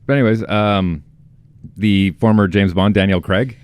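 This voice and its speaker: Man, co-host, casual chat, deep voice, dry close sound, reflective. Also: unhurried, clean tone, no echo. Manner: relaxed, reflective, with frequent restarts. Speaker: podcast co-host.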